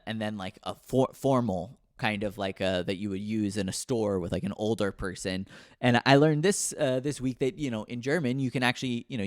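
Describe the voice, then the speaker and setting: A man's voice: mid-range voice, no echo, clean studio sound. A man in his thirties hosting a comedy podcast, rambling and self-deprecating, full of fillers and restarts. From United States. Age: 30s. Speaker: podcast host.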